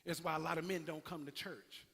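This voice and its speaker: A man preaching a sermon as pastor, telling a story with lively acted-out voices. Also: fairly high pitch, a little fast, husky. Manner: animated storytelling, acting out characters. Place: church sanctuary. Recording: long hall reverb.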